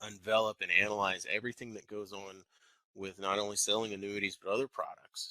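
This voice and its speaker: The man, a thirtysomething wealth manager from Texas with a slight twang, runs a live webinar in an office building, chatting conversationally while enunciating with care. His voice sits on the low side, bright and forceful, in a rough recording without echo.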